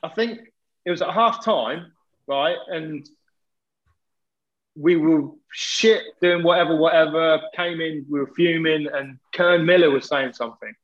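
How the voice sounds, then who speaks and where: A man's voice: a little high, a little slow. A man, a former footballer, telling stories in a casual, laddish way and swearing freely. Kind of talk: casual storytelling. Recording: dull lo-fi audio.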